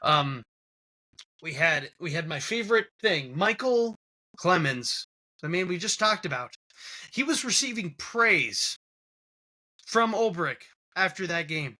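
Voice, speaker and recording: A man's voice: high-pitched, very animated, a little slow, pauses often, bright, forceful tone. A man with a New York accent hosting a casual sports podcast, ranting with heavy profanity. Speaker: podcast host.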